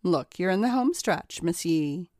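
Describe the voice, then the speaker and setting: A woman's voice: fairly low pitch, lively intonation, a little slow, a little mellow, no echo. A woman voicing a busy male judge who is firm but kindly, reading in a dry, close studio sound. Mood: brisk, firm.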